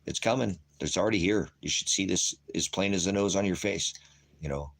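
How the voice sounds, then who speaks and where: A man's voice: low voice, a little fast, creaky, fairly bright tone. A man streaming a rambling, profane rant to viewers as a preacher. He keeps calling them brothers and sisters, jumps between topics and restarts his sentences.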